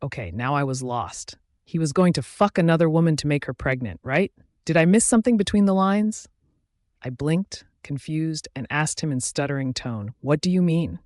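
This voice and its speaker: A man reading a first-person fantasy romance as an audiobook, in a steady, expressive voice. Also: on the high side, normal speed, dry recording, studio quality. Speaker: audiobook narrator.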